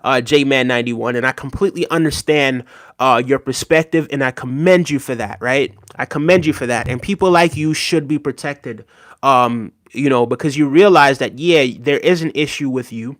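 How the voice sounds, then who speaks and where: A man's voice: mid-range voice, moderate pace, fairly bright tone, no room sound, clean studio sound. A man hosting a live stream, reading viewers' chat messages aloud and answering them earnestly, often ending with "right?". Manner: earnest, repeats "right?", thanks chatters by name. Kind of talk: casual live chat commentary.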